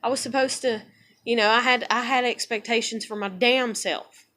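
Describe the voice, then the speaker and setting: A woman's voice: fairly high pitch, fairly even intonation, moderate pace, sharp tone. A woman in her thirties venting in a rambling, profane, frustrated monologue. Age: 30s. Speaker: vlogger.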